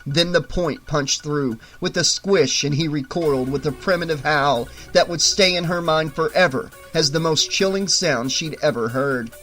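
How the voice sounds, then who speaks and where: A man narrating a horror audiobook in a measured, suspenseful way, slowing down for the tense moments. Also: a little high, a bit bright, soft background music, rough recording.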